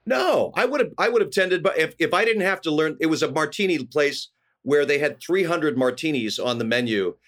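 A middle-aged man from California, a guest actor telling animated stories in casual conversation, often acting out quoted voices. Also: on the high side, moderate pace. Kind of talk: casual storytelling.

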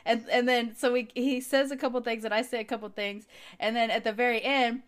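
A woman from the United States, a podcast guest, telling stories in a casual, animated way and laughing often. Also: fairly high pitch, brisk. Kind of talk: casual conversational interview.

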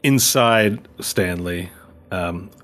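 Give me a slow male game master with a lowish voice, narrating a fantasy scene. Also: a bit bright. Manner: rambling, repeats words while describing. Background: faint music.

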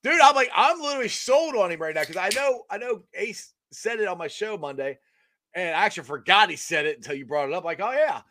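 Excitable man, lively swooping pitch. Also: quick pace. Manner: excitable, laughs often, trips over words. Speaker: sports podcast host. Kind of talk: casual sports chat.

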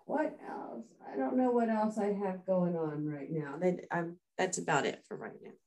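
A woman in casual conversation, telling personal stories in a chatty, animated way. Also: on the low side, normal speed. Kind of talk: casual chat.

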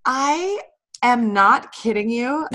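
A woman's voice: fairly high pitch, takes it slowly. A woman in her forties, an author guest in a casual interview, telling candid stories with lots of restarts. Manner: candid, animated storyteller with frequent restarts.

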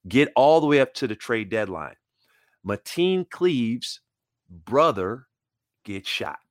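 Man in his forties, lively storyteller, voice leaps up and drops low as he acts out quotes, dry close sound. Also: no echo. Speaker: retired basketball player storyteller. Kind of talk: animated storytelling.

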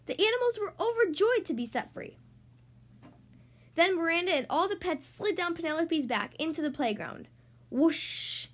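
A woman reading a children's storybook aloud in an animated, sing-song way. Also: very high-pitched, normal speed.

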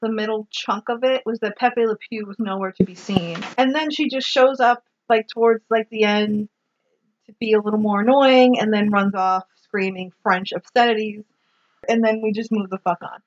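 A woman's voice: mid-range voice, normal speed. A woman co-hosting a podcast, casually and animatedly recapping a movie with lots of swearing and acted-out quotes. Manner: animated, sweary, quotes lines in exaggerated voices. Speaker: podcast co-host. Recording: dull lo-fi sound.

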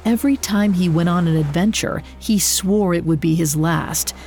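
A woman reading a scripted story in a measured, expressive narrating voice. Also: lowish voice.

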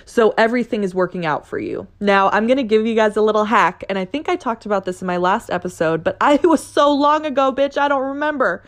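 Young woman, solo podcast host, casual and profane, slightly high voice. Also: fast, few pauses. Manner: chatty, profane, playful, mimics excited voices.

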